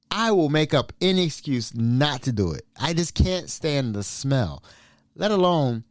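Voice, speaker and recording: A man's voice: medium pitch, darkish tone, no echo, clean studio sound. A man who works as a cook, telling a story in a casual, emphatic monologue, repeating himself for effect and laughing between phrases. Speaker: cook at an elderly care facility.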